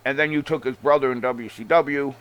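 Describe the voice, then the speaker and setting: A man's voice: medium pitch, fairly even intonation, brisk, fairly bright tone. A man ranting casually as a wrestling show host, sarcastic and full of swearing, calling the listener bro. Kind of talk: casual rant.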